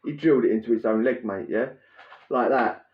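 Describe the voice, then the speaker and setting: A man telling a prison story in a casual, animated way, laughing and acting out the scene with sound effects. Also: medium pitch, brisk. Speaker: podcast host telling prison stories. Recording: roomy, dull lo-fi sound.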